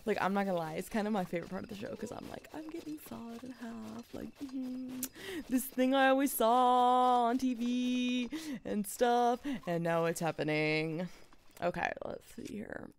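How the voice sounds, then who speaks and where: A woman's voice: fairly high pitch, moderate pace, gravelly. A woman streamer giving casual let's play commentary, chatty and full of fillers, with the odd mild swear. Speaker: gaming streamer.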